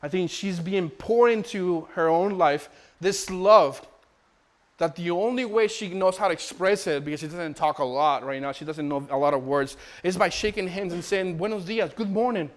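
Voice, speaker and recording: Animated man preaching with stories. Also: high-pitched, moderate pace. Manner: storytelling, animated, restarts often. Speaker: guest speaker, missionary. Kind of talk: informal preaching talk.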